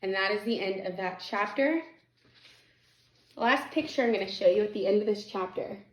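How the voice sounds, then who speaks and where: A woman's voice: mid-range voice, moderate pace, lo-fi sound. A woman teacher reads a novel aloud to students and adds casual, chatty asides between passages. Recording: echoey room.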